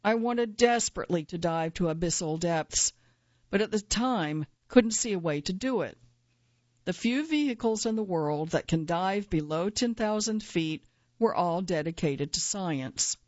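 A woman reading her own first-person nonfiction essay aloud in a measured, earnest way, at times quietly angry. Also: on the low side, expressive, no echo, muffled recording.

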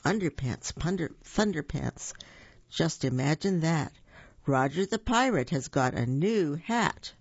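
A storyteller reading children's picture books aloud in a lively, sing-song way with small slips, on a dull, dry lo-fi recording. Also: mid-range voice, a little slow, slightly rough, no room sound.

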